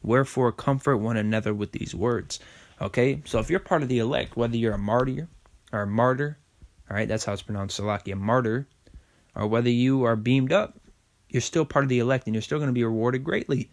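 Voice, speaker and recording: A man's voice: medium pitch, fast. Casual man preaching, saying "okay?". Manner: reads scripture aloud, stumbling on words. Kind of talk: informal sermon with scripture reading.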